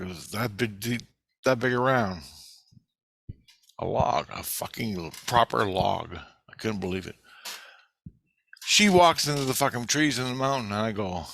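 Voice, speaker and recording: A man's voice: lowish voice, fairly bright tone, no echo. A man telling a rambling personal story in a casual, profane way.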